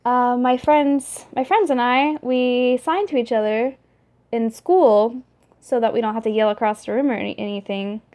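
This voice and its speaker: Chatty young woman vlogging, bright-pitched. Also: normal speed. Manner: chatty and rambling, many fillers and restarts; animated, talks with her hands. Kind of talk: casual vlog talk to camera.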